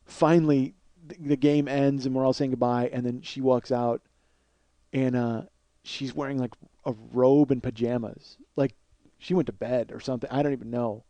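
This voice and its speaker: A man's voice: medium pitch, steady tone, moderate pace, mellow, no echo, muffled recording. A man in his forties hosting a comedy podcast, telling a long story in a rambling, profane way that builds into indignant rants. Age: 40s. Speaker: podcast host.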